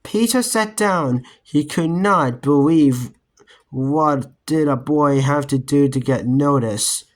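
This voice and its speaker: A man reading a children's book aloud in a slow, careful way. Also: on the high side. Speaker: reader.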